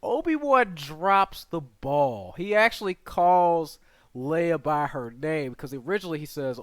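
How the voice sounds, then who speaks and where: A man's voice: on the high side, animated, no room sound. Male host, laid-back plot recap, rambling with lots of fillers, dry close sound. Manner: rambling, filler-heavy retelling with quick asides. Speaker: channel host reviewing a series. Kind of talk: casual spoken plot recap.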